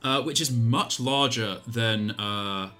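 A man narrating a tabletop game as game master, in a relaxed, descriptive way with many fillers. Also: mid-range voice, slow, soft background music.

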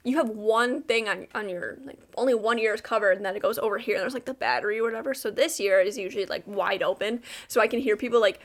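A woman's voice: a little high, quick pace, hardly any pauses. A young woman co-hosting a casual podcast, telling rambling stories full of fillers and restarts. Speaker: podcast co-host. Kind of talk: casual chat.

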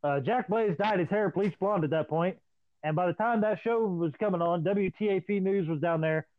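A man casually swapping profane stories in an animated, storytelling way. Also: high-pitched, moderate pace, dry recording. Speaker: podcast host. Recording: dry, tinny phone-like line.

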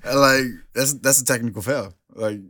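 A man co-hosting a podcast, trading crude casual banter with dry deadpan one-liners. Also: medium pitch, normal speed, dry recording. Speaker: podcast co-host.

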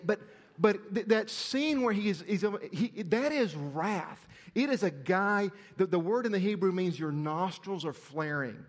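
Man preaching in an echoing hall. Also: on the high side. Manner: animated storytelling with frequent restarts and repetition. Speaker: pastor. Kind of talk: sermon. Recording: long reverb of a large hall.

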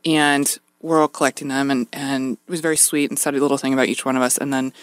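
A woman guest on a podcast, telling a story with energy, laughing often and rushing in quick bursts. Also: a bass voice, little pitch movement, smooth, no room sound. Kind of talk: animated anecdote telling.

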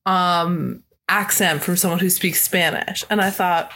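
A woman co-hosting a casual movie-review chat, animated, laughing often and swearing casually. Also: fairly low pitch, a little slow, slight background noise. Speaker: podcast co-host.

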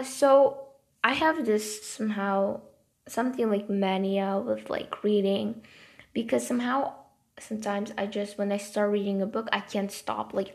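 A woman talks to her viewers in a loose, rambling vlog, with "like" filling every gap. Her voice has a gravelly, fry-heavy edge. Her pitch sits right in the middle for a woman. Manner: rambling, heavy use of "like" fillers; passionate, then softer and quieter. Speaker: vlogger. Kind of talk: casual talk to camera.

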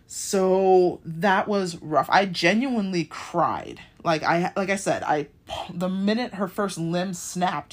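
A woman hosting a podcast, reviewing shows in a casual, animated chat and swearing freely. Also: on the low side. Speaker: podcast host.

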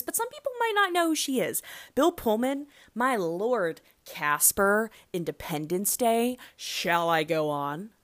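Rambling, chatty woman podcaster. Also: on the low side. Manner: rambling, chatty, lots of fillers and self-corrections; animated swings into loud excited bursts. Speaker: podcast host. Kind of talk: casual solo podcast chat.

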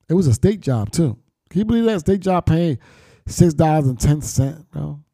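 A man's voice: on the high side, animated, a little fast, vocal fry, warm tone, dry recording, studio quality. A middle-aged man telling his life story candidly, blunt and profane, with street slang and reflective turns. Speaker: storyteller recounting his past.

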